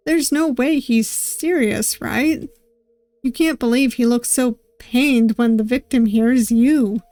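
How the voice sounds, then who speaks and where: A woman streamer with a fairly high voice reads a visual novel aloud, taking her time. She drops casual, wry asides between lines, with faint game music in the background. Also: slow pace, darkish tone, no room sound. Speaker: VTuber gaming streamer.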